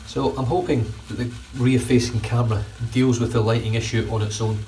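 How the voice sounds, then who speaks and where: A man's voice: medium pitch, steady tone, fairly quick, a little mellow, distant mic, slight background noise. A middle-aged Scottish man with a Glaswegian accent, chatting casually and swearing freely as he reviews shaving gear in his bathroom. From Scotland. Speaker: shaving vlogger. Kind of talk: casual chat. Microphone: phone camera.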